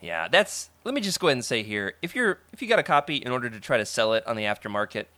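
A man hosting a casual podcast chat, enthusiastic and animated, laughing often as he talks. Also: medium pitch, fast talker, dry recording. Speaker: podcast host.

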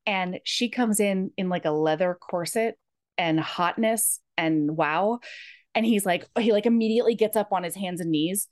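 A woman podcast host retelling a book plot in casual, animated chat, full of 'like'. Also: mid-range voice, normal speed. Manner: animated, chatty, many fillers of 'like'.

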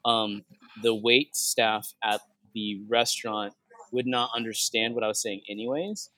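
A man's voice: fairly low pitch, measured pace. A young man hosting a casual podcast chat, telling stories with laughs along the way. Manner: laughing, animated storytelling. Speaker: podcast host.

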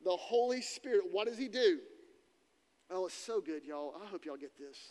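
High-voiced man preaching in a reverberant hall. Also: expressive, moderate pace, darkish tone. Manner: emphatic, repeats key phrases. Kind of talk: sermon.

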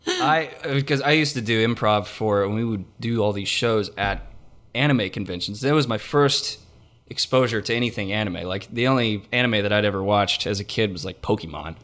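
A man hosting a podcast, talking in a rambling, animated way with lots of fillers. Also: fairly low pitch, normal speed. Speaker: podcast host. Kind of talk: casual chat.

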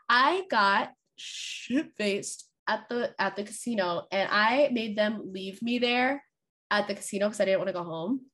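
A woman's voice: medium pitch, a bit bright. A woman co-hosting a podcast, telling her own stories in candid, self-deprecating casual chat. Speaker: podcast co-host.

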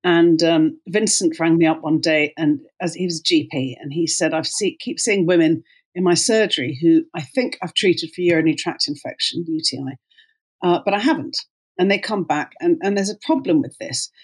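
A middle-aged woman, a company co-founder, telling her career story in an interview in an animated way, with many fillers and restarts. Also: deep voice, normal speed, breathy edge. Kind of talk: conversational storytelling.

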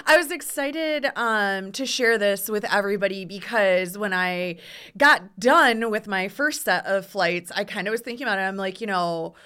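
A woman chatting casually as a podcast guest, telling a story in an animated way and acting out what people said. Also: medium pitch, normal speed, smooth. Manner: animated, acts out quotes, frequent laughs.

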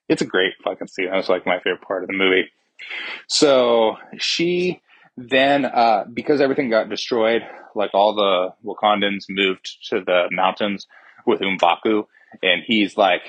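A man's voice: on the low side, measured pace, fairly bright tone, breathy edge, no room sound, poor audio. A young man giving a rambling, profane, jokey spoiler review of a movie.

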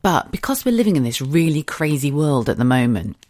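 A woman's voice: low-pitched, sing-song, a little fast, a little mellow. A woman, hosting a podcast in a candid, chatty way, swearing freely and acting out quotes. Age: 40s. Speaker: podcast host. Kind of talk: casual chat.

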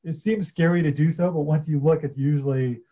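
A man, a coach guesting on a podcast, explaining his ideas in a measured way with some fillers. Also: on the high side, fairly even intonation, mellow, muffled recording. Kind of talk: casual podcast interview.

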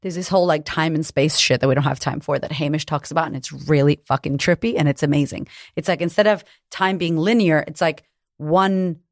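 A middle-aged woman coach speaks frankly and with emphasis, dropping curse words as she makes her points. Her voice sits on the low side. The recording is dry and close, with no room sound. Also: fairly quick, no echo. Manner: frank and emphatic, swears freely. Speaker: coach running women's retreats. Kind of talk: candid motivational talk.

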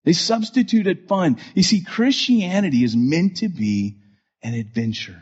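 A male podcast host telling a story in an animated way, with many fillers and restarts. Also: fairly high pitch, moderate pace, slightly rough, dull audio.

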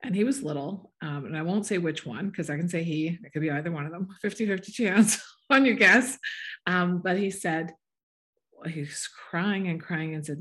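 A woman in a heartfelt podcast conversation, sharing spiritual reflections and gently coaching the listener. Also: lowish voice, moderate pace.

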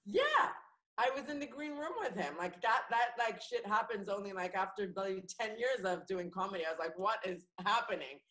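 A woman in her thirties with an international English accent, a comedian chatting casually in an interview, full of fillers and animated storytelling. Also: mid-range voice, brisk, rough recording. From France. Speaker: guest comedian.

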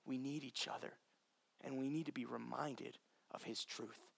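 A man's voice: mid-range voice, fairly even intonation, normal speed, gravelly, a bit bright, husky. A man preaching a sermon as pastor, passionate and earnest, addressing listeners directly.

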